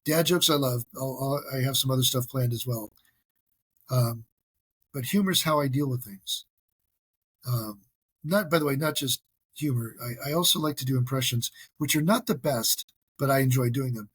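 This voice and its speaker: A man's voice: mid-range voice, moderate pace, a bit bright, breathy edge, dry recording. A man hosting a solo podcast, talking in an earnest, self-deprecating way with frequent restarts. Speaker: podcast host. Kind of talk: casual solo podcast monologue.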